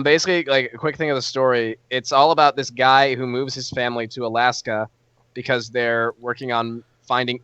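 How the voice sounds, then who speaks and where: A man's voice: medium pitch, pushed and bright, clear, resonant tone, no room sound. Eager man recounting a film, dull audio. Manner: enthusiastic, filler-heavy storytelling. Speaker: podcast co-host. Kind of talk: casual chat.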